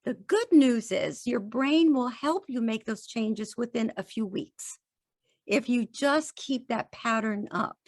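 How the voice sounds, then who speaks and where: A woman's voice: on the high side, takes it slowly, dry recording, clean studio sound. A woman guest on a podcast, talking in an earnest, encouraging way and acting out little quotes in conversation. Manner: earnest, encouraging, animated quoting. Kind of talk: casual interview chat.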